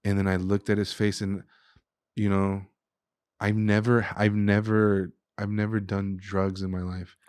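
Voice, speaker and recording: A man's voice: lowish voice, flat delivery, a little slow, a little mellow, clear, resonant tone, dry recording. Casual young man telling a heartfelt story. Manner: casual, says "dude" and "like" often. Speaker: guest, chef and restaurant owner. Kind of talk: emotional personal storytelling.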